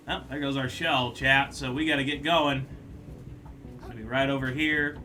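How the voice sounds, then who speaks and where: A man's voice: medium pitch, fairly even intonation, normal speed, heavy background noise. A man casually commenting while playing a video game on stream, chatty and self-deprecating.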